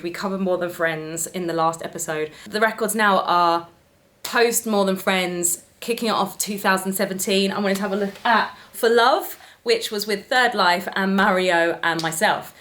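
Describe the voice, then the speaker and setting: Woman, 30s, singer-vlogger, casual chatty delivery, middle pitch. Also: normal speed. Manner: chatty, warm-hearted advice, sings short snippets. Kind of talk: casual talk to camera about her records.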